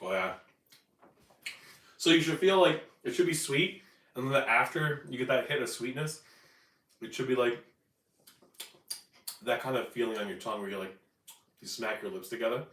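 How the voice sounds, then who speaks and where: A man's voice: medium pitch, lively intonation, moderate pace, long pauses, fairly bright tone, echoey room, far from the mic, slight background noise, low-quality recording. A man from Newfoundland hosting a casual live cooking stream, talking in a rambling, chatty way and correcting himself as he goes. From Newfoundland, Canada. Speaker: cooking show host. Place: home kitchen.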